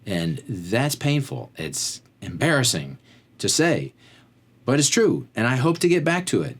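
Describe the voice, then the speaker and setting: Rambling man with a lively voice. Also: fairly low pitch, normal speed, husky. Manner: rambling, wanders off on tangents; conversational, fills with "like". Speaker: podcast host. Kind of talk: faith-based motivational talk.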